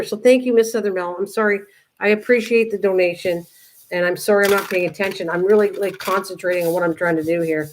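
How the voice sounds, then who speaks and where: A woman's voice: mid-range voice, fairly even intonation, quick pace. Older woman hosting a chatty craft livestream. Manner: chatty, greets viewers by name between quiet muttering to herself while she works. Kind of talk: live crafting stream, chatting with viewers.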